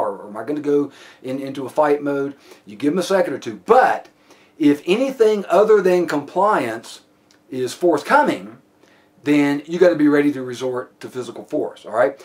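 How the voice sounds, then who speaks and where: Plainspoken male police instructor. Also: on the high side. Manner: plainspoken, many restarts and fillers. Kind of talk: classroom lecture.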